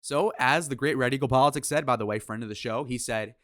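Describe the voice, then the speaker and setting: A man's voice: medium pitch, quick pace, a bit bright, dry recording, clean studio sound. A man giving casual political commentary in a crude, sarcastic, opinionated way, with swearing.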